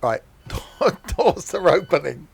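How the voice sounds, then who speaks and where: Chatty, animated man streaming a game. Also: fairly high pitch, slow, gravelly, husky. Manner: jokey, chatty, laughs often, answers chat. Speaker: streamer playing a train simulator. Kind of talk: casual live-stream chat with viewers. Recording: steady noise under the voice.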